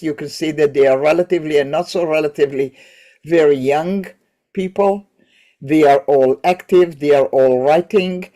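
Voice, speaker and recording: A woman's voice: low voice, mellow. A woman teacher with a cold, lecturing on poetry in a thoughtful, digressive way that corrects itself as she goes. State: has a cold, coughing.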